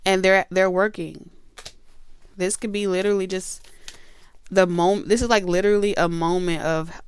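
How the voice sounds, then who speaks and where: A woman's voice: medium pitch, fairly even intonation, moderate pace, smooth, no room sound. A woman giving a casual tarot reading, chatty and emphatic, cursing freely and talking straight to her viewers. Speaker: tarot reader.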